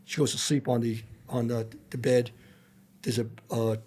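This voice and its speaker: A man's voice: mid-range voice, flat delivery, moderate pace, a little mellow. A man, a former federal agent, telling blunt and profane stories full of quoted dialogue as a podcast guest. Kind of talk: storytelling in a casual interview.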